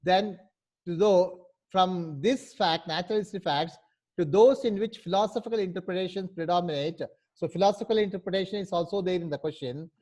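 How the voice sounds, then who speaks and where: Fairly quick and a little mellow, this man's high voice leads an online class. He's patient, breaking things down step by step and often checking in with "right?"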